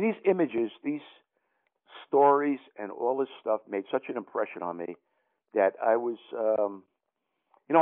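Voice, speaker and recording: An older man with a New York accent, telling a long story as an interview guest in a rambling way full of fillers and restarts. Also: mid-range voice. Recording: tinny phone line.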